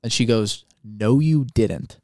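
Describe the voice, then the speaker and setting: A young man co-hosting a podcast, telling a story in a casual, animated, swearing way and acting out quoted voices. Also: mid-range voice, slow pace, dry recording, studio quality. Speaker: podcast co-host.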